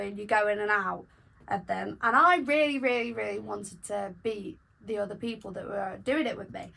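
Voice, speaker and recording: Young female podcast co-host, slightly high, gravelly fry, animated and teasing. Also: rough recording. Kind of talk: casual chat.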